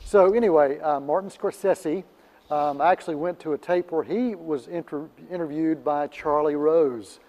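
A man chats casually as a film critic co-host. His voice sits a little high and he rambles through fillers and restarts. There is a long reverb tail on the recording. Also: normal speed, a little mellow. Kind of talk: casual radio chat.

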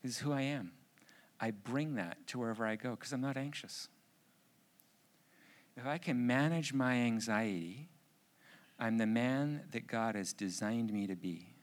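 A man's voice: medium pitch, a little slow, pauses often. A middle-aged Canadian man preaching a sermon in a conversational, humorous way that builds to emphatic urgency. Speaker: pastor.

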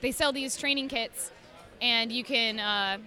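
A young woman cosplayer chats as a podcast guest with easy, animated energy. Her voice sits a little high and rings bright. She tells stories with a laugh never far off. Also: unhurried, some chatter behind. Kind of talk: casual podcast chat.

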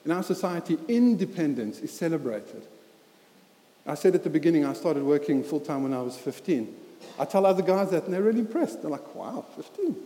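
A man's voice: a little high, expressive, a little fast, mellow. A man preaching a sermon in an earnest, plain-spoken, conversational way, often saying "you know" and repeating words. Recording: reverberant church hall.

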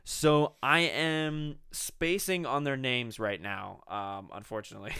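A young man co-hosting a podcast in casual chat, excitable, swearing often and full of fillers. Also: medium pitch, measured pace, vocal fry, clear, resonant tone, dry recording, studio quality. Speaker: podcast co-host.

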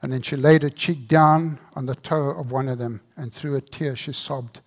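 A male pastor telling a story in a sermon, dramatic and dropping to a hushed voice at tender moments. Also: medium pitch, steady tone, normal speed.

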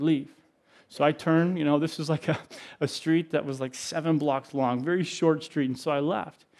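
A middle-aged man, a pastor, preaching a sermon with animated stories, chuckles and asides to the congregation. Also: a little high.

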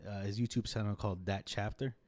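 A man's voice: fairly low pitch, fairly even intonation, fast talker, darkish tone, no echo. A man co-hosting a casual podcast, easygoing and a bit hesitant, laughing often. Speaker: podcast co-host.

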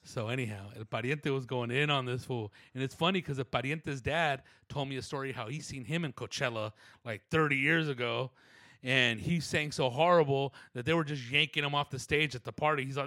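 A man's voice: medium pitch, a little fast, bright, forceful tone, no room sound, studio quality. A man telling a rambling, slangy, profane story, dropping into voices of the people in it. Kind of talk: casual storytelling monologue.

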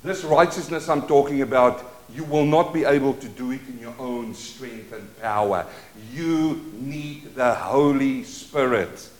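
A man preaching a sermon as pastor, leading call-and-response and moving between quiet asides and loud declarations. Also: mid-range voice, a little slow, few pauses, roomy sound. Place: church.

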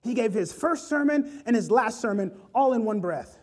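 A man's voice: very high-pitched, expressive, normal speed. A man preaching an impassioned sermon, rising and falling in intensity. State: choked up with emotion.

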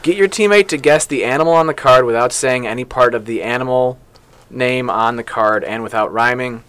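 A man's voice: medium pitch, fairly quick, a bit bright, clear, resonant tone. A man hosting a podcast, running a party game in a newspaper office studio, playful and laughing often. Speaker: podcast host.

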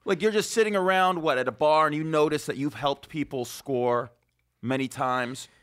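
A man with a fairly high, bright, forward voice hosts the show. He asks playful questions and throws in teasing asides. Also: moderate pace. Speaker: podcast host. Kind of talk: casual podcast interview.

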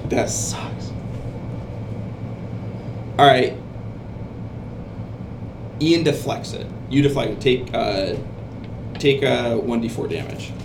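A man acting as game master, narrating a tabletop game in a relaxed, descriptive way. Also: mid-range voice, slow pace, long pauses. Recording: noisy background.

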